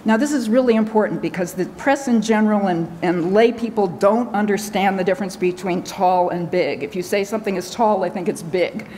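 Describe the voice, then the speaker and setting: American woman presenter, hurried and filler-heavy, lecture-hall reverb. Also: mid-range voice, mellow, slight background noise. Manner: hurried, talking fast with many fillers and restarts. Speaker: conference speaker. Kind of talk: conference talk. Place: large conference hall.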